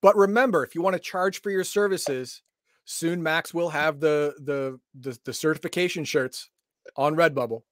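A man's voice: a little high, moderate pace, dry recording, studio quality. A man co-hosting a live-streamed game master chat show, making emphatic announcements and joking around. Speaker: game master podcast co-host.

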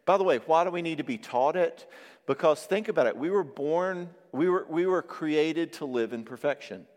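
Animated man preaching in a reverberant hall. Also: a little high, moderate pace. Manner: animated, acts out quoted voices. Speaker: pastor and therapist. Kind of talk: sermon.

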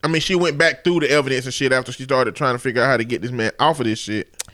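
A man's voice: medium pitch, fast talker, pushed and bright. A man co-hosting a casual podcast, giving brash, opinionated, profane takes on a movie. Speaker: podcast co-host.

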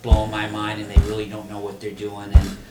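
Animated older man, echoey room. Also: lowish voice, brisk, recorded from a distance, music in the background. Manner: animated, profane, laughs often. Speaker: poet and teacher. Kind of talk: casual conversation. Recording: echoey room, off-mic, faint noise.

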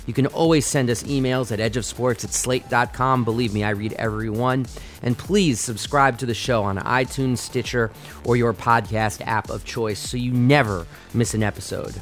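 A man hosting a sports podcast, delivering passionate, argumentative commentary. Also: medium pitch.

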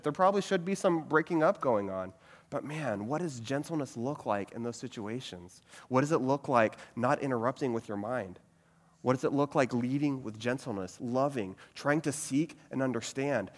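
A man giving a sermon-style teaching talk, asking many rhetorical questions and repeating a catchphrase. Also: mid-range voice. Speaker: pastor teaching a group. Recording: long reverb of a hall.

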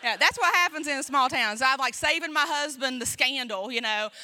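Bright, chatty woman pastor telling a story. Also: high-pitched, moderate pace. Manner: chatty, self-mocking, full of asides. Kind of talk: storytelling sermon. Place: church.

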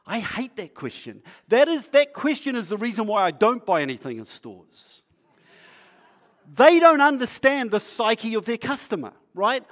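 Guy pastor giving a sermon, talks casually to the crowd, throws them questions, goes quiet and earnest, voice pretty high. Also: big pitch swings, moderate pace. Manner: conversational, playful, asks the congregation questions; acts out a shopkeeper's sales pitch.

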